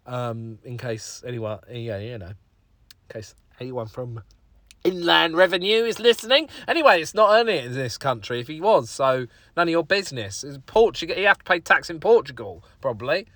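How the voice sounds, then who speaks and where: A man's voice: mid-range voice, expressive, fairly quick, fairly bright tone, no echo. Rambling man hosting solo. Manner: rambling, self-deprecating, sweary. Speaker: podcast host. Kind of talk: casual solo podcast chat.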